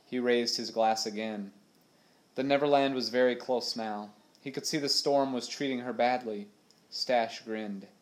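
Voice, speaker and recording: A man's voice: medium pitch, a little slow, poor audio. Man reading a chapter book aloud.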